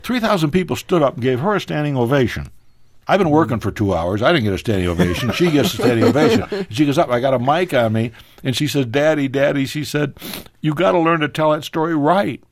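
A man telling a personal story as a guest on a radio talk show, animated, his voice leaping higher at emotional moments. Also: fast, no echo. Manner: animated, pitch jumping high in emotional moments.

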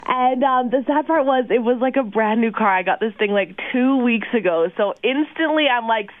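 A woman calling into a radio show, telling a story in a lively, chatty way and laughing often. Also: a little high, normal speed. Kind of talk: casual phone chat. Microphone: phone. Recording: tinny phone line.

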